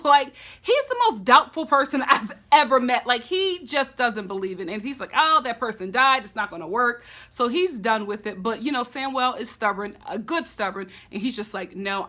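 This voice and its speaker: A woman giving a casual, animated and sassy recap of a TV episode, full of dramatic reactions. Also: fairly high pitch. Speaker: recap vlogger.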